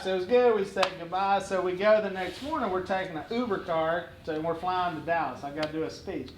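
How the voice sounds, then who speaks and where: A middle-aged man telling comic stories on stage as a guest speaker. He talks in an animated way, laughs often and acts out other people's lines. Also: sits high, a little slow, few pauses, echoey room, over a noisy crowd.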